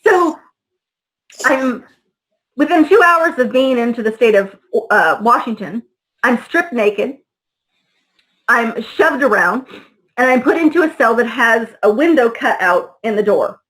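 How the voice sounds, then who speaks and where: A woman's voice: on the high side, expressive, unhurried, long pauses, a bit bright, rough recording. A middle-aged woman telling her story as an interview guest, blunt and heated, swearing freely and acting out the voices of people she quotes. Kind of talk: personal storytelling in conversation.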